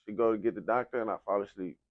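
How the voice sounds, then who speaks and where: A man's voice: on the low side, very fast, no room sound, dull audio. A young man from San Antonio, Texas, telling his life story in a casual interview, heavy on slang and "you know what I'm saying". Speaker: interview guest, rapper.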